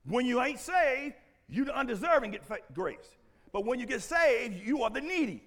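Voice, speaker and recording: A man preaching a sermon as pastor, animated and playful, calling out to the congregation and bursting into shouts. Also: very high-pitched, moderate pace. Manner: playful, teasing, laughs often.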